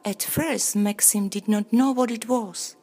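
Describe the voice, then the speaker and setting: A woman reading a fairy tale aloud in a slow, expressive storytelling manner. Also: fairly high pitch, breathy edge, soft background music. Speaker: narrator.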